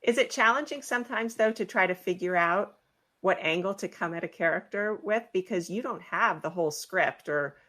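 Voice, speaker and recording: A woman hosting a casual interview, her voice sitting a little low. She asks thoughtful follow-up questions and affirms what her guest says. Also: moderate pace, pushed and bright. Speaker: interview host.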